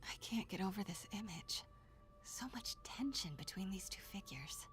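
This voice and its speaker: An actress voicing a curious young female reporter in a video game, talking softly and often in hushed asides. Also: mid-range voice, expressive, normal speed, soft background music, lightly acted. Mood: musing whisper. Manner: soft, often whispered asides. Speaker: game character.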